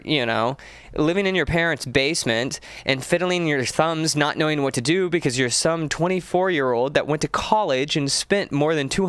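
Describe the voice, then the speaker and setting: A man's voice: a little high, fairly bright tone, clean tone, no echo. A man hosting a comedy podcast, rambling and joking about his day in a casual, self-mocking way. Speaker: podcast host. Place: small studio. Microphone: studio mic.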